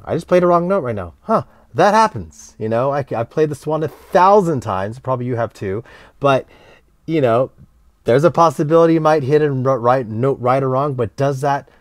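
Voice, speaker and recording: A middle-aged man talks about teaching cello in a relaxed interview, his pitch rising and falling in a lively, animated way. He acts out his students' lines in quick quoted voices, and the recording is dry and close, with no room sound. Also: no room sound. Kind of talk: casual interview talk.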